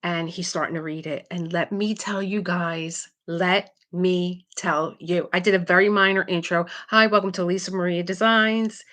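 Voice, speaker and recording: Middle-aged lady chatting on her craft livestream, kinda low voice, animated, reads out comments and laughs a lot. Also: normal speed, few pauses. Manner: chatty and animated, reading viewer comments aloud and laughing often. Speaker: host of a live craft stream. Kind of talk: casual live-stream chat.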